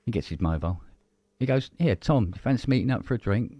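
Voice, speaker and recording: A man telling a long joke in casual chat, animated and jumping into high voices for the people in it. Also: quick pace, slightly rough, dry recording, muffled recording. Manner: animated storyteller, swings into high voices for characters. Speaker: co-host.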